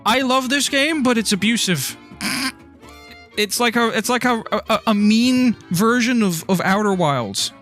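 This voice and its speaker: High-voiced rambling Irish streamer guy. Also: unhurried. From Ireland. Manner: rambling, excitable, swears often, stumbles over words. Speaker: game streamer. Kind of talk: casual live-stream chat while playing. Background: faint music.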